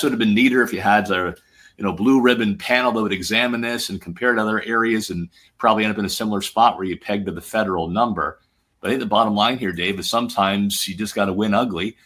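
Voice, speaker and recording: A man's voice: fairly low pitch, a bit bright. A man on a political panel, giving blunt and plain-spoken opinions.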